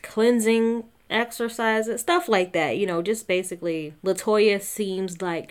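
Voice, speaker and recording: A woman giving a casual, gossipy recap of a reality show, often quoting the cast in lively put-on voices. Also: lowish voice, clean tone. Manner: chatty, gossipy, quotes the cast in animated voices.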